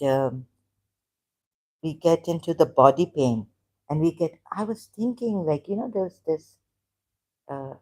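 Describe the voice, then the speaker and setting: A woman with a warm, deep voice and a Sindhi Khoja accent chats on a live stream. Her delivery is halting and rambling, punctuated by searches for words and shifts into Hindi-Urdu.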